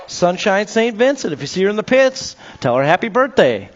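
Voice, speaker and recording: High-voiced man calling BMX races. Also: a little fast, dull audio. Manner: energetic, playful nicknames and banter. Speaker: BMX race track announcer. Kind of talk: live race commentary. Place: announcer tower at outdoor BMX track.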